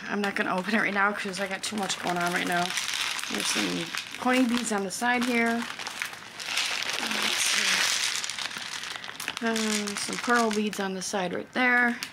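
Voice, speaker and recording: A woman casually showing off a haul of craft supplies, chatty and excitable, thinking aloud as she unpacks. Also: medium pitch, unhurried, pauses often, heavy background noise. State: out of breath. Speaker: crafting vlogger. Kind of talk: casual thrift haul show-and-tell.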